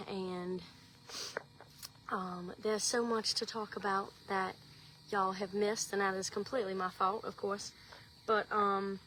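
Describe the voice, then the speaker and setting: A woman's voice: medium pitch, a bit bright. A young woman with a Southern accent, chatting casually in a live stream from her garden. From Louisiana. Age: young adult. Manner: chatty, rambling, says y'all often. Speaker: social media personality. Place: outdoors in her home garden.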